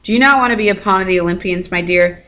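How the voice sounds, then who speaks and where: A woman reading aloud voices a monstrous old female gorgon with a soft, coaxing purr. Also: medium pitch, quick pace, muffled recording, close to an everyday voice. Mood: soothing.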